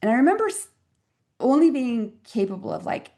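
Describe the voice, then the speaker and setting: A woman's voice: on the high side, sing-song, a little fast, mellow. A woman in her fifties, a physician guest on an interview podcast, telling stories in an earnest, reflective and emphatic way. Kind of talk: conversational interview storytelling.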